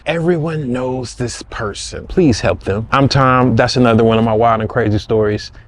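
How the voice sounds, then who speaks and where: A man tells a comic dating story straight to his audience. He talks in a slangy, conversational way and keeps it lively. His voice sits at a middle pitch, with faint background noise. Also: moderate pace. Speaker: storytime host. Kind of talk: comedic storytelling monologue.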